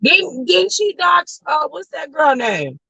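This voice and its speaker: A woman hosting an online talk show, ranting loudly and profanely in sassy commentary, often shouting. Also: high voice, big pitch swings, slow pace, no room sound, low-quality recording. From West Coast of the US. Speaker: host.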